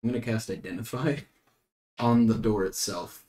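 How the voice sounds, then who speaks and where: A man with a somewhat low voice, chatting as a player in a tabletop game. He rambles and hesitates, restarting his sentences and filling gaps as he explains what his character does. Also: moderate pace, dark tone. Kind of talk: casual in-character play chat.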